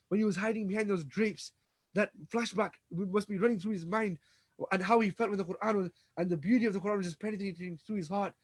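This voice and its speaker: A man's voice: high-pitched, darkish tone, husky, no echo. A man giving a religious storytelling lecture, retelling events dramatically and acting out the dialogue, with frequent restarts. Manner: frequent restarts and repeated words. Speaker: Islamic lecturer.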